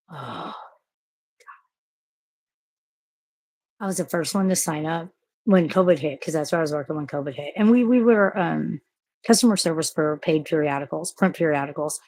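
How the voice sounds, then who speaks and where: Low-voiced woman, frank and profane. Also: darkish tone. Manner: frank, profane, rambling storytelling. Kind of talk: casual monologue.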